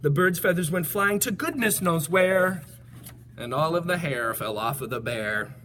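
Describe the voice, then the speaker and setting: A man reading a picture book aloud in a sing-song storyteller voice, dropping low for the punchlines. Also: animated, unhurried, sharp tone, slight background noise. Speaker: storybook reader.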